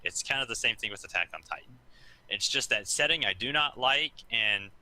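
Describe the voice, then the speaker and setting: A man's voice: medium pitch, animated, a little fast, bright, forceful tone, low-quality recording. A man co-hosting a podcast in casual chat, talking hesitantly with many ums and likes. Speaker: podcast co-host.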